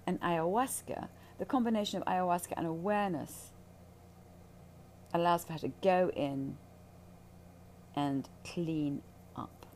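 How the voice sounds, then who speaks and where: A woman's voice: on the low side, measured pace, pauses often, a little mellow, a little hiss or hum. A woman who guides ayahuasca ceremonies, talking candidly about spiritual healing in a blunt, intense, profane way.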